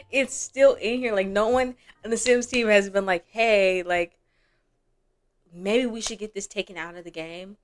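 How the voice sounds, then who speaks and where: A young woman giving casual gameplay commentary as a gaming creator, chatty and rambling, laughing often. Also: on the high side.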